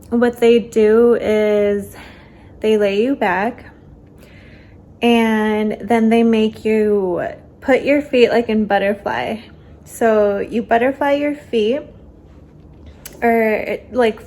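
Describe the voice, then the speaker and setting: Slow-talking woman, a little out of breath. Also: a little high, darkish tone. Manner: chatty and candid, with many fillers. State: slightly out of breath. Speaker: vlogger. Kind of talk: casual vlog chat.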